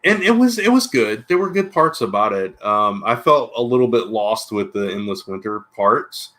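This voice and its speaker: A man's voice: fairly low pitch, expressive, normal speed, fairly bright tone. A man co-hosting a casual livestream podcast, rambling and hesitant with lots of filler. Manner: rambling, hesitant, full of "you know". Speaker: comic book podcast co-host.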